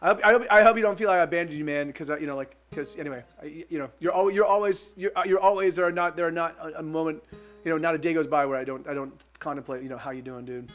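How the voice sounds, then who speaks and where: A man musician on a live stream, talking haltingly between songs, choked up and full of restarts. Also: fairly high pitch, fairly bright tone. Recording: guitar music behind.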